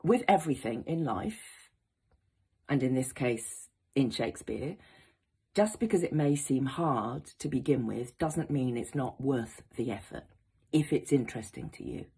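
A woman actor giving an encouraging, expressive educational talk to young people. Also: very deep voice, a little slow, slightly rough. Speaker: actor teaching students.

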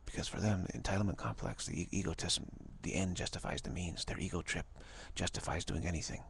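A man speaking as a spiritual teacher in an informal talk. He talks haltingly, repeats words and often drops to a half-whisper. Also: deep voice, gravelly, a little hiss or hum.

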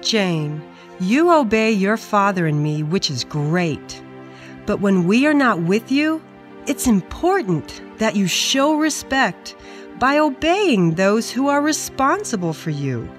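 A woman voicing a gentle, patient mother in a children's story, explaining in a soothing, instructive way. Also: medium pitch, very animated, slow pace, faint music behind. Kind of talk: storybook character voice.

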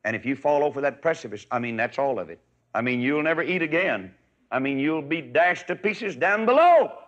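A man's voice: on the high side, animated, fairly quick, fairly bright tone. A man voicing a wise, watchful mother eagle who warns her young in a folksy drawl, on an old sermon recording. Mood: warning. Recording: dull lo-fi archive radio recording.

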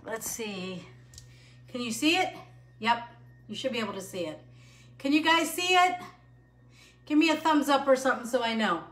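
A woman's voice: on the high side, lively intonation, normal speed, pauses often, a bit bright, roomy sound. A middle-aged woman hosting a live home cooking show, bubbly and chatty, laughing at herself as she goes. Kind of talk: live cooking stream, casual chat. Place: home kitchen.

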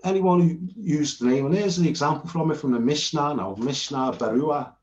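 A man's voice: a little high, normal speed, darkish tone. A British man giving an informal Bible lesson while showing notes on screen, earnest and rambling, often restarting his sentences. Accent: British English. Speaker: Bible teacher. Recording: roomy and dull lo-fi.

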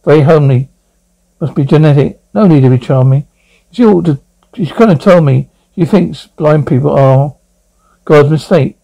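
A man's voice: fairly high pitch, gravelly, mellow, rough recording. A man voicing a chatty, wisecracking young male lawyer friend in an amateur audio drama. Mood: teasing. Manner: wisecracking, rapid teasing.

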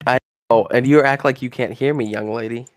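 A man's voice: mid-range voice, steady tone, brisk, no room sound. A young American man chatting casually on a livestream voice call, telling rambling stories and laughing at them. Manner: rambling storyteller who laughs at his own tales. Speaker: livestream guest. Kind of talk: casual chat over a voice call.

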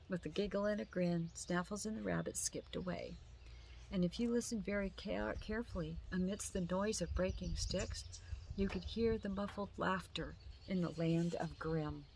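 A woman reading a children's picture book aloud, gentle and unhurried. Her voice carries a gravelly edge, and a faint hum of noise sits behind her. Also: lowish voice. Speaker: storybook reader.

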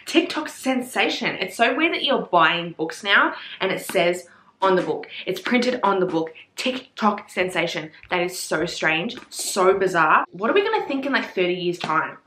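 A woman's voice: mid-range voice, echoey room, slight background noise. Bubbly sweary young woman. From Australia. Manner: bubbly, sweary, excitable with gasps and squeals. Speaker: book vlogger. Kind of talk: casual book haul vlog.

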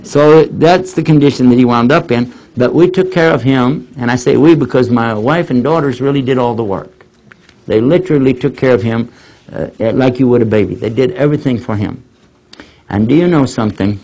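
A man's voice: medium pitch, fairly quick, a little hiss or hum, rough recording. An older man giving a casual lecture and answering questions, telling folksy stories. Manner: folksy storytelling, animated quoting of others.

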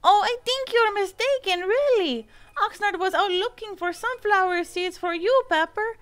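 Woman doing a very high, gentle girl hamster. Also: moderate pace, faint music behind. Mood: reassuring. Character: kind young female hamster, caring. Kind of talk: reading video game dialogue aloud.

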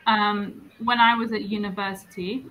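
A woman's voice: medium pitch, little pitch movement, normal speed, phone-quality sound, a little hiss or hum. A young woman from northern England with a neutral English accent, chatting casually as an English tutor on a video call and laughing often.

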